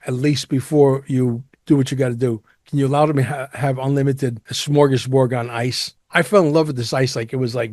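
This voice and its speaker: A man hosting a podcast, telling a long story in a casual, animated, profane and exaggerated way. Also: medium pitch, dry recording, clean studio sound. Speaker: podcast host.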